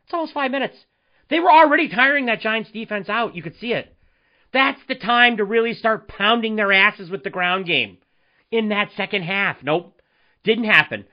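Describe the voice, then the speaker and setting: A man hosting a solo sports podcast, ranting in an animated, exasperated way and firing off rhetorical questions. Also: high-pitched, moderate pace, muffled recording. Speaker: podcast host.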